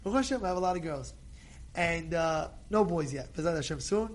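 A man giving an informal Torah class to a group, animated and repetitive, swinging from quiet asides to shouted urging and scattering Hebrew blessings through his talk. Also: a little high, brisk. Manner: peppers speech with Hebrew blessings.

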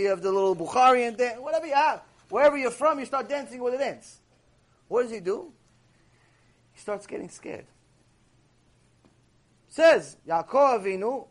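High-voiced man giving an animated Torah lecture. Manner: animated, repetitive, acts out quoted voices. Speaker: Torah teacher. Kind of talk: recorded mussar lecture.

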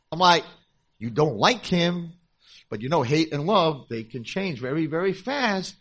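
Animated husky-voiced rabbi telling a story. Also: male voice, a little high, unhurried. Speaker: rabbi and speaker. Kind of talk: storytelling talk to an audience. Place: convention hall, live talk.

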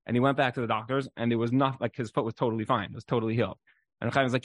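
A man's voice: medium pitch, fairly even intonation, very fast, no echo. A man giving a casual Torah class, telling stories in a loose conversational way, often saying "like". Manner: conversational storytelling with frequent "like" fillers. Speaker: Torah teacher.

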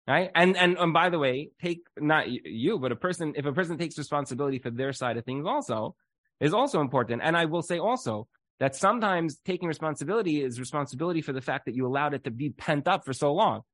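Guy counselor chatting on a podcast, lively, acts out couples, dry sound. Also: a little high, fairly quick, no echo. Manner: animated, acts out quoted spouses. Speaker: marriage counselor. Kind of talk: casual podcast talk.

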